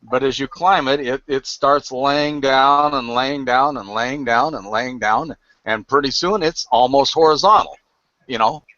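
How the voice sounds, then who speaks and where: A man joining a live online hangout as a guest, halting with many fillers as he patiently explains. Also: medium pitch, a bit bright, no echo, dull audio.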